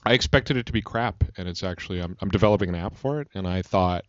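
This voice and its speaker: A man co-hosting a casual podcast, excitable and stammering with repeats. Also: sits low, quick pace, dry recording, lo-fi sound. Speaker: podcast co-host.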